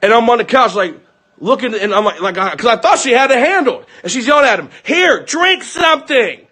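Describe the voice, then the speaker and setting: A young man venting to his viewers in an angry, profane, unscripted rant that comes in rapid bursts. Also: high voice, expressive, sharp tone.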